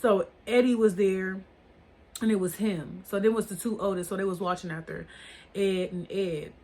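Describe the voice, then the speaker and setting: A woman's voice: medium pitch, fairly even intonation, moderate pace, darkish tone. A woman casually telling a story to her viewers, rambling and swearing, with lots of "like" and "or whatever.". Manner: rambling, profane, heavy use of "like" and "or whatever". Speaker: storytime vlogger.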